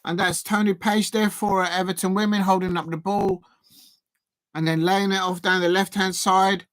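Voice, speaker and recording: A man's voice: high-pitched, moderate pace, no echo, clean studio sound. A man hosting a fan watch-along of a football match, chatting and cheering at the action. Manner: excitable, cheers and pleads at the action, chatty asides. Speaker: football fan channel host.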